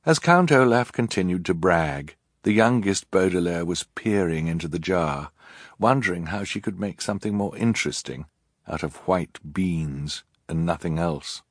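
A man narrating an audiobook in a dry, wry, deliberate manner. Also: low voice, lively intonation, dry recording.

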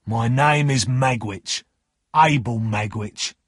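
A man voicing an old male escaped convict, slow, solemn and insistent, with a husky voice. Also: mid-range voice, no echo, clean studio sound. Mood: grim.

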